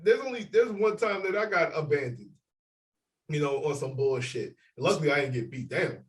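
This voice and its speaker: A man's voice: on the high side, expressive, brisk, far from the mic, rough recording. A man co-hosting a podcast, telling a story casually and animatedly, swearing and acting out the voices of others. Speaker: podcast co-host.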